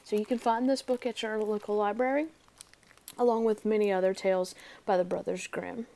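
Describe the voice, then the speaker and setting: A woman reading a fairy tale aloud, telling it in a lively, expressive way. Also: mid-range voice, brisk. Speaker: storybook reader.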